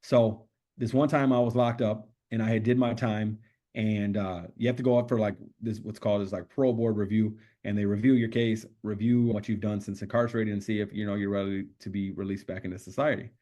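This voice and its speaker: A man's voice: fairly low pitch, steady tone, fairly quick, mellow. Blunt, profane man telling his story. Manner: casual, profane, streetwise storytelling. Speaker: podcast guest. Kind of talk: candid storytelling interview.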